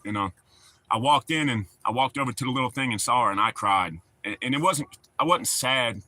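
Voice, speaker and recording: A middle-aged man rambles in a folksy way to his livestream chat. His voice is very bright and forward, and the recording is close and dry. He talks in a loose, casual, easygoing manner. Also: medium pitch, a little fast, dry recording. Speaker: livestream host.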